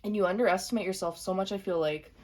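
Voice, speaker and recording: A young woman giving an intuitive tarot reading to camera, speaking gently and repeating her points straight to the viewer. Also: mid-range voice, fast. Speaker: tarot reader.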